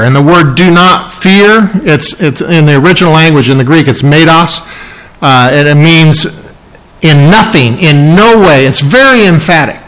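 A man preaching a sermon, emphatic and repeating key phrases, sometimes dropping to a soft hush. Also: fairly high pitch, moderate pace, low-quality recording. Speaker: pastor.

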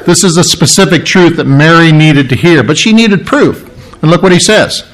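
A man preaching a sermon, explaining scripture earnestly and acting out the story with lively voices. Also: on the high side, normal speed, rough recording.

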